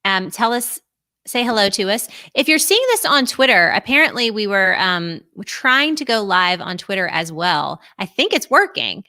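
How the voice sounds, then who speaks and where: A woman's voice: medium pitch, expressive, moderate pace, sharp tone, dry recording, studio quality. A woman hosting a casual live-streamed chat, bubbly and chatty and laughing often, on a video call. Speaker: host.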